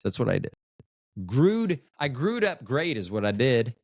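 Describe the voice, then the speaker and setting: Man, podcast host, casual chat, self-mocking jokes, animated pitch, dry close sound. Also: a little slow, dry recording. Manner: rambling, joking, self-mocking.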